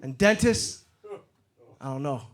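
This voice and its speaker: A middle-aged man from Detroit doing a stand-up comedy set on stage, getting loud and animated when he acts out other people. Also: on the high side, slow pace. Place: comedy stage before a live audience. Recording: live show with loud crowd laughter. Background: crowd laughing.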